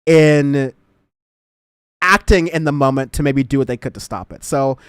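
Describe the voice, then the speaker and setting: A man's voice: medium pitch, normal speed, clear, resonant tone, no echo. A man hosting a casual political commentary show, rambling and laughing as he talks. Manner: rambling, laughing, self-interrupting. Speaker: show host.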